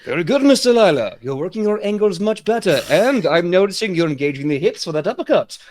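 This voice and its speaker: A man voicing a stern, formal male butler who speaks with stiff, overly polite manners in a soft, lowered voice. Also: very animated, quick pace. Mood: approving.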